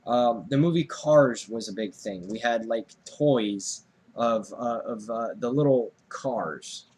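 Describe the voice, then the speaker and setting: A man's voice: medium pitch, takes it slowly, a little mellow, breathy edge. A young man co-hosting a casual chat, telling a story with swearing and sudden jumps in his voice when he acts out the scene. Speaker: podcast co-host.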